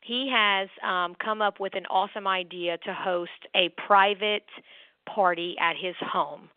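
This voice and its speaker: A woman's voice: mid-range voice, unhurried, no echo. Enthusiastic woman guest over the phone. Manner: enthusiastic storyteller. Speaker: guest, nonprofit founder. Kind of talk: casual interview chat. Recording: tinny phone line, dry.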